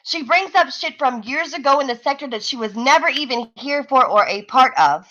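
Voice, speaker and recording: A high, bright-voiced woman hosts a livestream in a fiery, profane rant. She talks fast and mocks her target without pause. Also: animated, lo-fi sound. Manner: profane, mocking, fast-ranting. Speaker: livestream host. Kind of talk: heated live-stream commentary.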